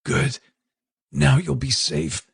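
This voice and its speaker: A man's voice: mid-range voice, fairly even intonation, takes it slowly, vocal fry, husky, dry recording, studio quality, pitched above the performer's own voice, exaggerated voice. A man voicing a wounded, dying man who speaks faintly and tenderly through pain. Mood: tender, fading. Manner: faint, pained, fading speech.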